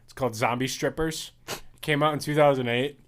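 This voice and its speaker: A young man co-hosting a casual podcast, telling animated stories and laughing through them. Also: mid-range voice, brisk. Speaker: podcast co-host. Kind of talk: casual chat.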